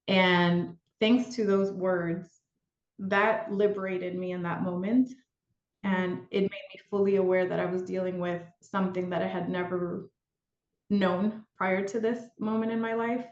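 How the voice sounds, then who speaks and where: A woman's voice: on the low side, level tone, unhurried. A woman guest on a podcast, telling a personal story in a candid, reflective way, with fillers and restarts. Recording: roomy, dull lo-fi sound.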